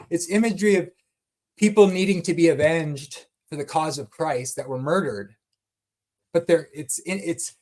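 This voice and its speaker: Fervent man teaching on scripture. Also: on the high side. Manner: fervent, repeats words when excited. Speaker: Bible teacher. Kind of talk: passionate teaching talk.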